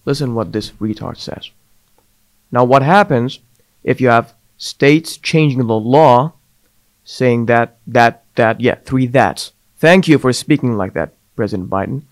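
A man's voice: medium pitch, unhurried. Male podcast host, non-native English speaker, combative and mocking rant, mid-range voice. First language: not English. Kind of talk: ranting podcast commentary.

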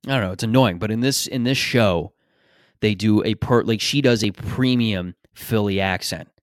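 A man's voice: lowish voice, normal speed, dry recording, studio quality. A man hosting a podcast in a casual, rambling, opinionated monologue, swearing freely. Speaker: podcast host.

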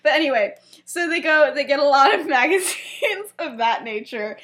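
A woman's voice: high voice, animated, moderate pace, fairly bright tone. A young woman co-hosting a podcast, casually retelling a story with frequent giggles and lots of filler words. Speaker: podcast co-host.

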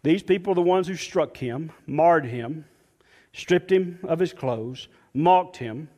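Male pastor, high voice, unhurried sermon delivery, long hall reverb. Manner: slow, emphatic preaching, dropping soft and low on quoted scripture.

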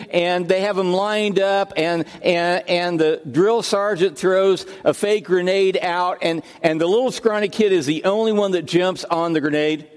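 A senior pastor preaches in a fairly high voice, with a long reverb from the church sanctuary around him. Telling his stories, he frequently repeats words and restarts phrases.

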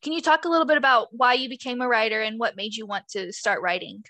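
Bright high-voiced woman co-host. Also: fairly even intonation, fast. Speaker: podcast co-host. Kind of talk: casual chat.

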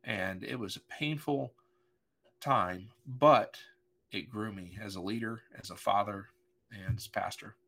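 A man's voice: on the low side, measured pace, gravelly, fairly bright tone. A middle-aged man, a pastor, telling a personal story in an earnest, emotional way during a podcast conversation. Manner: earnest, emotional, vivid retelling with voiced quotes.

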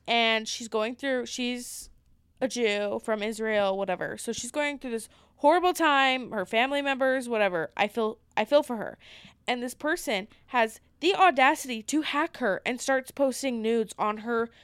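A young woman co-hosting a casual podcast chat, ranting in an animated, heated way. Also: a little high, unhurried, clear, resonant tone, no room sound, studio quality. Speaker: podcast co-host.

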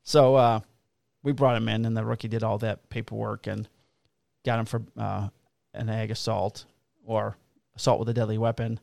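A male police officer tells work stories in casual chat, full of swearing and flat blunt remarks. His voice has a gravelly rasp. The sound is dry and close, with no room around it. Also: fairly low pitch, normal speed, pauses often, dry recording. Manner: profane, blunt, laughs at his own stories.

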